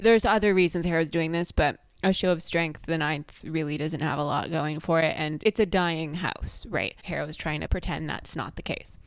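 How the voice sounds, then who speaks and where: A woman's voice: medium pitch, dry recording. A young woman casually recapping a novel with wry, playful asides. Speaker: book recap vlogger.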